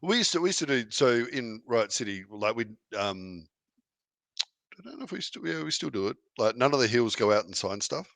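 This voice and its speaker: A man's voice: mid-range voice, very animated, fairly quick, gravelly, fairly bright tone, no echo. A man, a wrestler guest on a podcast, talking in a rambling, easygoing way with many restarts. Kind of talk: casual interview chat.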